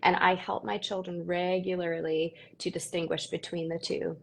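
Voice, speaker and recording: Earnest, gravelly-voiced woman on a video call. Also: on the low side, normal speed. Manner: earnest, animated storytelling with quoted asides. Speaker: guest, parenting content creator. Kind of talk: casual live video chat.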